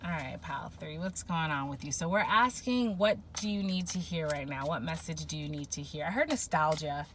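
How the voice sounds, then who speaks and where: Bright-voiced, rambling woman tarot reader. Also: sits low, normal speed, few pauses, a little hiss or hum. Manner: rambling, emotional, thinking aloud with many fillers. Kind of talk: spiritual pick-a-pile reading.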